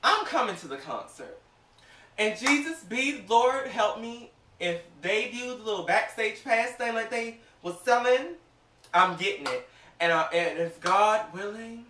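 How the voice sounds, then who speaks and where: A man hosting his own vlog in a theatrical, gushing way, swinging from loud outbursts to near-whispers. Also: sits high, expressive, measured pace, far from the mic, slight background noise. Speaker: vlog host. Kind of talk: excited vlog monologue. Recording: echoey room, voice set back from mic.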